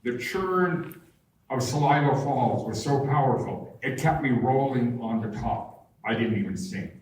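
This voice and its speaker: An older man, a guest speaker at a public talk, tells humorous stories at an unhurried pace in a large barn hall with an audience. His medium-pitched voice is expressive with a darkish tone. Recorded far from the mic, the audio is echoey with slight background noise.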